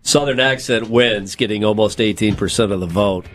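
A comedy podcast co-host with a lowish, fairly bright voice talks at normal speed over soft background music. Reading out survey results, he keeps things jokey, breaking into silly voices and laughter.

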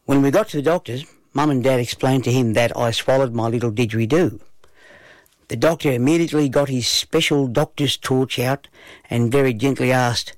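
A man with an Australian accent narrating a children's story in a relaxed, lively first-person telling. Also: medium pitch, normal speed, dry recording.

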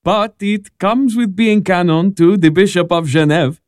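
A man's voice: high-pitched, fairly even intonation, measured pace, dry recording, studio quality. An eager, persuasive churchman. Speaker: canon assisting a bishop. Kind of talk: radio drama acting.

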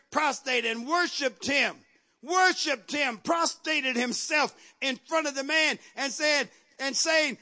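An emphatic male preacher preaching a sermon, repeating his points and calling out to the congregation. His voice is very high and gravelly, with a bright, forceful edge. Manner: emphatic, repetitive, calls out to the congregation.

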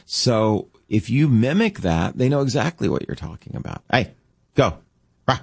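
A man who counsels dog owners, relaxed and explaining as a guest, acting out the voices of dogs and owners. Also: medium pitch, normal speed, vocal fry, breathy edge, dry recording, studio quality.

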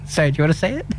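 A man's voice: high voice, noisy background. A man, co-hosting a radio show, teasing dryly and hesitating with frequent ums. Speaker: radio co-host. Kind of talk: casual on-air banter.

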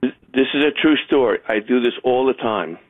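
A man's voice: medium pitch, animated, a little fast, dry recording. A man calling in to a radio show, rambling and joking, mimicking other people's voices. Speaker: caller. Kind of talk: call-in radio chat. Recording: tinny phone line.

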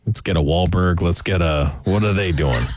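A man's voice: deep voice, normal speed. A man co-hosting a radio show, joking in a wry, laid-back way. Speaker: radio co-host. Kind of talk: casual radio banter.

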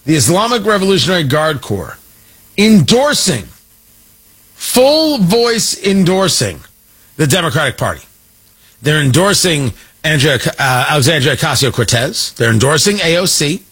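A man's voice: a little high, fairly bright tone, breathy edge. A man delivering an emphatic, sarcastic political commentary monologue, hammering his points through repetition.

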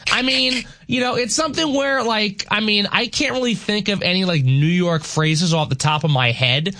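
A man's voice: high-pitched, normal speed. A man, a radio news anchor, chatting casually and animatedly on air in a studio. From East Coast of the US. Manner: animated, puts on thick accent for emphasis.

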